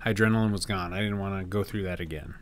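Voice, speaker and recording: Casual podcast guest: man, lowish voice, joking and loose, faint room hum. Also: steady tone, fast. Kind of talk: casual chat.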